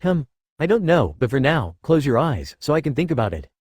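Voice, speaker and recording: A man voicing a soft, shy young woman. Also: on the high side, big pitch swings, a little fast, husky, no room sound, studio quality. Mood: tender. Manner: soft, nervous. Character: shy affectionate young woman, blushing girlfriend.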